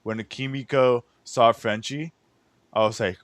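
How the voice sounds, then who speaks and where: Podcast host, male, slightly high voice, swearing and incredulous. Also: expressive, measured pace, a bit bright, no room sound. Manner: profane, ranting, incredulous. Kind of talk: casual chat.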